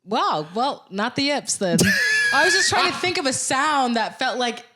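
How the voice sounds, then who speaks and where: A young woman co-hosting a casual podcast, playful and quick to laugh. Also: sits high. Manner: playful, giggly, animated. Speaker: podcast co-host.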